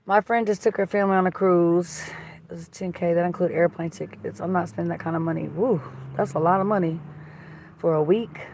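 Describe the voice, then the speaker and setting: Brisk and steady, with a lowish, darkish voice, this livestream host broadcasts from her car by phone. She reads viewer comments, gossiping bluntly and swearing freely, over a little hiss or hum.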